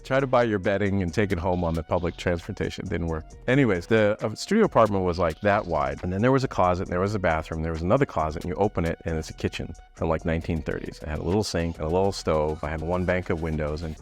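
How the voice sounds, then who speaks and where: A man's voice: quick pace, few pauses, soft background music. A middle-aged man telling a personal story in casual monologue, acting out the voices of the people he quotes. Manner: animated, acts out quoted voices with pitch jumps.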